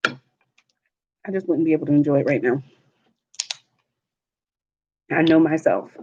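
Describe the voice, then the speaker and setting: A woman, a mother, telling stories in a relaxed, chatty way while eating on a livestream vlog. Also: low voice, slightly rough, narrow, tinny audio. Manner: slow, chatty storytelling with laughs. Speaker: mukbang vlogger. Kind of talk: casual chat while eating. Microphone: livestream mic.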